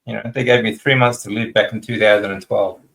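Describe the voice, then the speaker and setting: A man hosting a casual interview, chatting in a relaxed, agreeable way with a gravelly voice. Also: fairly low pitch, fast talker, poor audio. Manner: relaxed and agreeable, many small affirmations.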